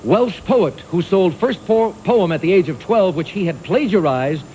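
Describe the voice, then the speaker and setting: A man hosting a quiz show, briskly reading clues and calling on contestants. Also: high-pitched, highs cut off. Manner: brisk, lively and animated. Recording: archival TV audio with faint hiss.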